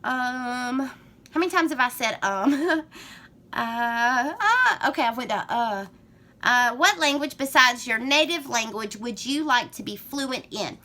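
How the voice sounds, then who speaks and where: Woman, Southern US accent, casual vlog, chatty, rambling, slightly high voice. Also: pushed and bright. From Georgia, US. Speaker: vlogger. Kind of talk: casual get-to-know-me tag vlog.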